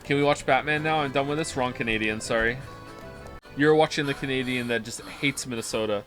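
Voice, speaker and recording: A man's voice: mid-range voice, brisk, a bit bright, faint music behind. Blunt, swearing male game streamer. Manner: blunt, profane and rambling. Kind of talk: casual playthrough commentary.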